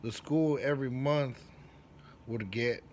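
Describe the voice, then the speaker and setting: A man in a middle-pitched voice tells his own story in a loose, slangy way, with a faint hiss of noise behind him. He swears freely and jumps up in pitch and volume whenever he acts out what someone said. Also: slow pace. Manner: animated, acts out quoted lines with big jumps in pitch and loudness. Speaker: barber. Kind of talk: casual personal storytelling.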